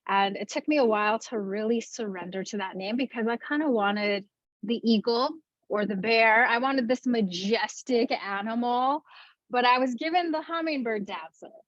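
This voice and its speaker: A woman leading a wellness webinar on a video call, speaking gently and reflectively with slow stresses. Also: mid-range voice, dry recording, highs cut off. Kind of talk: webinar talk with storytelling.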